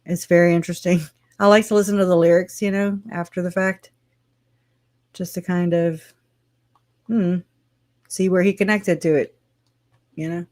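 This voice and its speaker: Livestream host, loose and rambling, mid-pitched voice with dry close sound, casual commentary with frequent laughs. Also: steady tone, normal speed, long pauses, darkish tone, dry recording. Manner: rambling, chatty, swears, laughs often.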